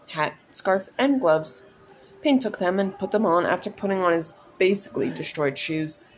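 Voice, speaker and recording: A woman's voice: mid-range voice, darkish tone. A woman reading her own story aloud in a casual, chatty way, breaking off into personal asides and laughing at her stumbles.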